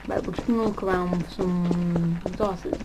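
Thinking aloud as she plays, this gaming channel host speaks at normal speed in a lowish voice with fairly even intonation. Her casual commentary often trails off mid-sentence over audible background noise.

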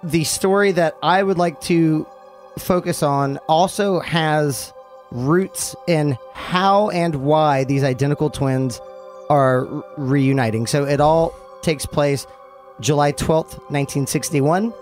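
A man's voice: fairly high pitch, slow pace, soft background music. A man hosting a podcast, telling a story casually with fillers and asides. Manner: relaxed, full of fillers and asides. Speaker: podcast host.

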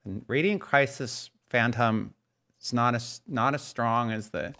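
A man in his forties streams a shooter game from a room at home, offering casual gameplay commentary. His medium-pitched voice is a little slow with a sharp tone, and he chats loosely, mocks himself, and swears often.

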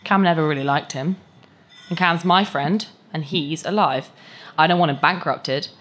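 A woman's voice: deep voice, moderate pace, soft background music. Woman voicing a blunt skeptical young guy, dismissive, story reading.

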